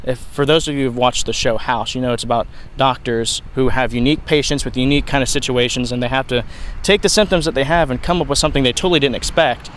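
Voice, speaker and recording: A man's voice: mid-range voice, steady tone, fast talker, few pauses, a bit bright, a little hiss or hum, low-quality recording. A young man explaining ideas in an unscripted video lesson, rambling with frequent restarts and fillers. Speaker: video lecturer.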